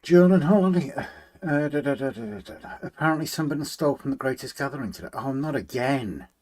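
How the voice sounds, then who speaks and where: A man hosting a relaxed live stream, chatting, greeting viewers by name and humming to himself as he works on a model railway. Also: fairly high pitch, fairly quick. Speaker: livestream host. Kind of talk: casual live chat, reading out viewer comments.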